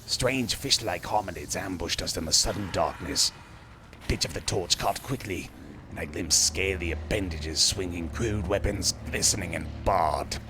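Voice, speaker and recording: A man's voice: low voice, normal speed, background noise, lightly acted. A man voicing a male adventurer reading his journal aloud, with a put-on Cockney accent and a theatrical, exaggerated delivery. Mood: grave. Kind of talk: mock dramatic journal reading.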